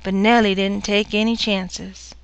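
A woman narrating a dark story in a measured, even delivery. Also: mid-range voice, clear, resonant tone, dry recording, muffled recording.

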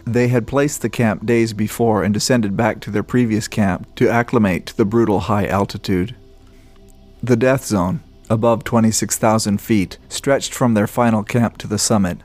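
A man reading a story aloud in a steady, descriptive narration. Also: fairly low pitch, normal speed, faint music behind. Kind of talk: scripted narration.

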